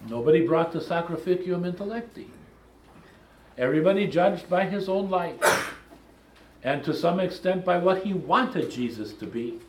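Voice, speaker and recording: A man's voice: fairly high pitch, slight background noise. Man teaching a Bible study, echoey room. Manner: thoughtful and digressive, with frequent ums and asides. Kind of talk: lecture-style Bible study.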